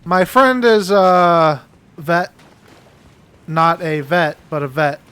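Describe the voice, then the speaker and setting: A man's voice: fairly high pitch, takes it slowly, a bit bright, clean tone. A man hosting a gaming channel, chatting casually and laughing often as he rambles through a story. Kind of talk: casual chat while gaming.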